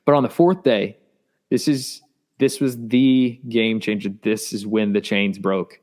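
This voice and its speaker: A man earnestly telling a personal testimony in an interview, halting and repeating words, his voice rising as he gets intense. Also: on the low side, fairly even intonation, a little mellow. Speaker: guest sharing testimony.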